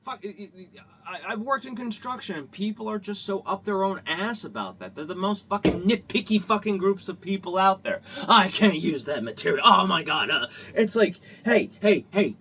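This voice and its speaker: Husky high-voiced man on an angry rant. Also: lively intonation, moderate pace, a bit bright. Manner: profane, heated, repetitive, stumbling restarts. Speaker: vlogger.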